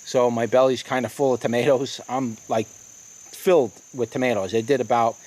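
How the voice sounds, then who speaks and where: A man's voice: mid-range voice, fairly even intonation, moderate pace, a little mellow. Male garden vlogger, mid-range voice, easygoing and chatty, outdoors with crickets. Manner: chatty, exclaims and coughs from the heat. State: hiccuping, burning mouth. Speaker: pepper reviewer. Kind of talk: casual garden video review.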